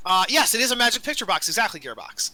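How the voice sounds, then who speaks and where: A man running a tabletop game as dungeon master, narrating in a rambling way, full of fillers and quick self-corrections. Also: high-pitched, big pitch swings, pushed and bright, dry recording, poor audio.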